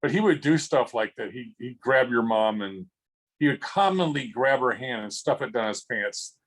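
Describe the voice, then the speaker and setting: This man shares humorous memories at a memorial via video call, casually rambling, laughing, and restarting frequently. His voice is medium in pitch with lively intonation and a moderate pace, captured in low quality.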